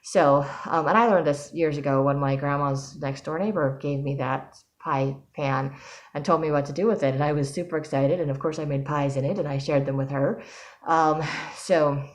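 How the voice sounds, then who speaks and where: Woman, low voice, chatty, rambling with ums and restarts, casual vlog. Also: fairly even intonation, normal speed. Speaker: vlogger.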